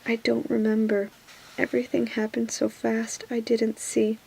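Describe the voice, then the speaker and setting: A woman's voice: a little high, level tone, normal speed, vocal fry, slightly rough, rough recording. A woman voicing a timid, frightened teenage girl in a whispered role-play. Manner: soft whisper.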